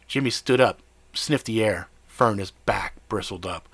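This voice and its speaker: Male storyteller, steady conversational first-person read, dry close sound. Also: lowish voice, a little slow, husky, no room sound. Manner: steady, conversational narration with casual swearing.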